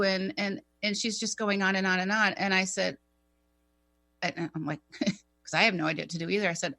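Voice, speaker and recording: A woman on a talk radio show telling an emotional personal story in an earnest, animated way, often restarting her sentences. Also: medium pitch, fairly quick, vocal fry, long pauses.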